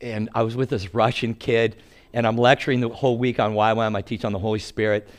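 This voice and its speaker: A man in his sixties, a pastor, telling humorous stories in a lively sermon. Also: on the low side, brisk. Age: 60s. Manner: humorous, animated storyteller. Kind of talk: sermon with storytelling.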